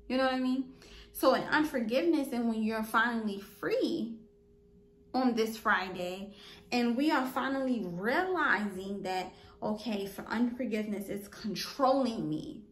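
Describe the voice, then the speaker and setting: A woman's voice: fairly high pitch, a bit bright, reverberant, rough recording. An adult woman hosting a podcast, talking earnestly about forgiveness and faith with a repetitive, preacherly cadence. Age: adult, past high school. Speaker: podcast host. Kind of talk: personal faith talk on forgiveness.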